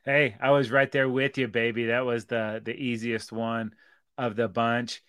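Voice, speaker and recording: A man's voice: medium pitch, level tone, unhurried, a bit bright, clean tone, no echo, studio quality. A man co-hosting a sports podcast in casual banter, playful and jokey. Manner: playful, jokey, calls people baby. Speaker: podcast co-host.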